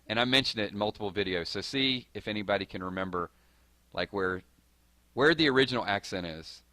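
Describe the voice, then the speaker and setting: A young man from outside Atlanta with a deep Southern accent. He rattles through his words quickly and excitably, reading out and answering chat on a live stream, his low voice bright and forceful. The sound is dry and close, with no room around it. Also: dry recording. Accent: Southern US, Georgia. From Georgia, US.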